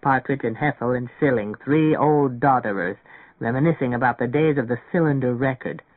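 A man voicing a gentle, kindly older record-shop owner in an audiobook reading, speaking softly and patiently, with a dry, phone-like narrow sound. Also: medium pitch, normal speed, no echo, natural voice. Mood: calm. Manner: soft, calm, patient.

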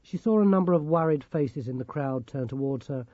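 Male audiobook narrator, calm storybook read, slightly high voice, dry muffled cassette sound. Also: brisk, dry recording.

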